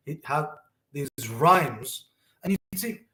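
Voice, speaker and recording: A man's voice: a little high, very animated, a little slow, a bit bright. Young guy talking earnestly about growing up, gets emotional, echoey room. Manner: earnest, emotional storytelling with quoted asides. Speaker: host. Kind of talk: personal reflective monologue.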